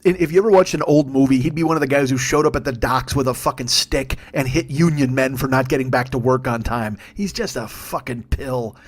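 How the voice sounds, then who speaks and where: A man's voice: medium pitch, brisk, hardly any pauses. Sweary male comedian on an angry rant. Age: 40s. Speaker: comedian podcast host.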